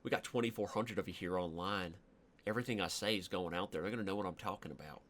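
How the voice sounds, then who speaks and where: A man's voice: low voice, fast talker, fairly bright tone. A man streaming a chess game live, commentating in a playful, jokey, rambling way.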